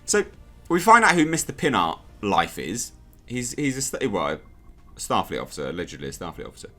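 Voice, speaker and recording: A man's voice: lowish voice, big pitch swings, fairly quick, sharp tone, soft background music. A man reviewing a TV episode in a casual, sarcastic and exasperated rant.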